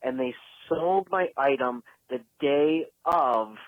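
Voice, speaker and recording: A man's voice: mid-range voice, slow pace, no room sound. A man leaving a rambling, frustrated voicemail rant as a caller. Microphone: phone. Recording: phone line voicemail.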